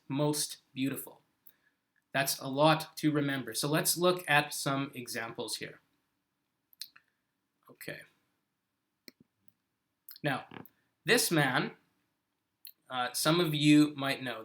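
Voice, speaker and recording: A man's voice: a little high, pushed and bright. A man teaching English grammar in a live-streamed lesson, explaining patiently and often checking "okay?" with his viewers. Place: living on an island in South Korea.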